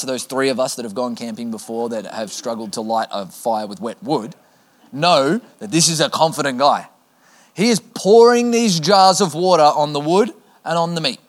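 Male preacher, mid pitch, reads scripture casually and jokes with the congregation. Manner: casual, joking asides to the congregation. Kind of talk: sermon, reading scripture aloud.

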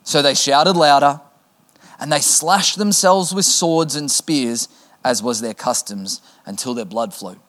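Male preacher, mid pitch, reads scripture casually and jokes with the congregation. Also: unhurried, a bit bright. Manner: casual, joking asides to the congregation. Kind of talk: sermon, reading scripture aloud.

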